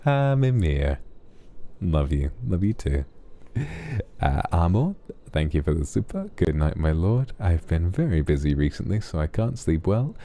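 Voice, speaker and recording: A man hosting a soft late-night ASMR stream, gently reading viewers' messages aloud and answering them affectionately. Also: a bass voice, very animated, moderate pace.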